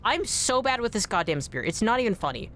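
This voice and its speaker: A woman's voice: sing-song, fairly bright tone. Frustrated woman streamer swearing at a game. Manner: swears often, quick to frustration; pitch jumps high when annoyed. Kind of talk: live gameplay commentary.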